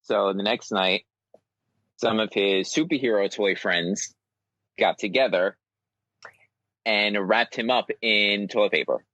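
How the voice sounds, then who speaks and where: A man's voice: on the low side, slow, long pauses, bright, forceful tone, no room sound. A man in his thirties co-hosting a casual podcast, telling stories and laughing often. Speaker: podcast co-host. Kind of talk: casual chat. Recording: dull dry lo-fi sound.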